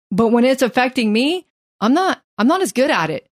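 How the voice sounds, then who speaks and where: A woman co-hosting a faith podcast, mixing Bible teaching with earnest, animated storytelling. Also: high-pitched, fast, dry recording, studio quality. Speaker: podcast co-host.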